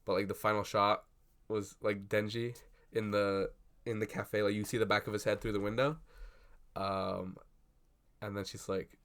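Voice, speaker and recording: A young man chatting casually at his desk about a film he just saw, rambling and swearing with lots of fillers and excited bursts. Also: on the low side, moderate pace, long pauses. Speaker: vlogger. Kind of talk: casual movie reaction chat. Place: at a desk indoors. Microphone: computer webcam.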